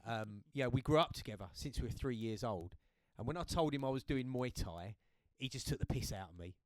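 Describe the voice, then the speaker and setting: A man's voice: mid-range voice, a little fast, no echo. Chatty British man in his fifties. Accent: British English. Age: 50s. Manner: lively storyteller, checks in with "right?". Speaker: guest, host's father. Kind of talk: casual podcast chat.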